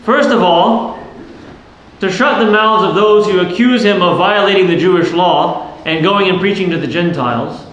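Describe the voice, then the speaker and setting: This priest has a high, fairly bright voice and a moderate pace as he delivers a sermon in church. The space is very echoey with faint noise, and his earnest, explanatory preaching is punctuated by questions to the listeners.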